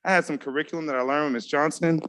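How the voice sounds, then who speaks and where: A man's voice: fairly high pitch, steady tone, very fast, fairly bright tone. A man giving an emotional, earnest award speech from an awards ceremony stage, talking straight to the crowd. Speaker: award presenter.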